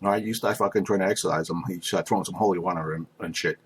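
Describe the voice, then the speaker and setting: Low-voiced laid-back male game master. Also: steady tone, rapid-fire, slight background noise. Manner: laid-back, laughs often, swears casually. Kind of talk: narrating a tabletop game.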